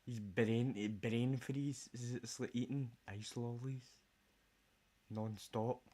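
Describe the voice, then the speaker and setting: Slow, husky Scottish man rambling. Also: medium pitch, fairly even intonation, warm tone. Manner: jokey, rambling, swears a lot. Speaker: vlogger. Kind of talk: casual rambling chat.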